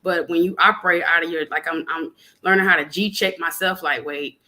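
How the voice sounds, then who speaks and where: A young adult woman in casual spiritual chat on a podcast, animated and preachy, talking plainly with lots of fillers. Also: on the low side, a little fast. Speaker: podcast guest.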